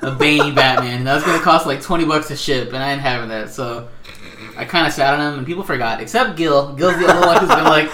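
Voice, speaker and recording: A man co-hosting a casual podcast chat, telling animated stories, acting out quotes, swearing and laughing often. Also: fairly high pitch, quick pace, roomy sound, far from the mic, slight background noise. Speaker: podcast co-host. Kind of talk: casual chat about collectibles.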